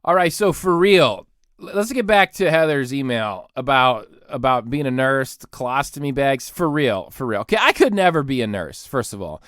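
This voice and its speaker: This thirtysomething podcast host rants comically by himself, animated and breaking into laughter mid-sentence while imitating people in silly voices. He speaks at medium pitch and normal speed, and the clean studio recording has no echo.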